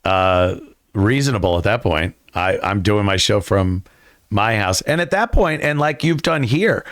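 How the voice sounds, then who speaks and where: A man's voice: fairly low pitch, expressive, unhurried, a bit bright, no room sound. A man as a studio guest in casual podcast chat, rambling, laughing at his own jabs and mimicking others.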